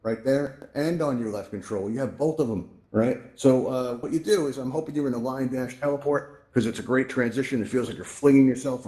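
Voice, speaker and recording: A man's voice: medium pitch, mellow. A man hosting a live virtual reality class, chatty and walking the audience through the controls, often checking in with "right?". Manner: chatty, keeps asking "right?". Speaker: VR event host teaching controls. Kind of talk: live instructional walkthrough. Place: virtual reality event room, speaking to an audience.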